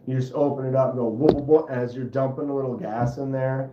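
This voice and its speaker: A man hosts a relaxed livestream, telling meandering stories and acting out engine sounds along the way. His voice sits in a roomy space and comes through a little dull and muffled. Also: medium pitch, quick pace, hardly any pauses. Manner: rambling, animated storyteller who mimics engine sounds. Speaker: livestream host. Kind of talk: casual livestream chat. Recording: roomy, slightly dull home stream audio.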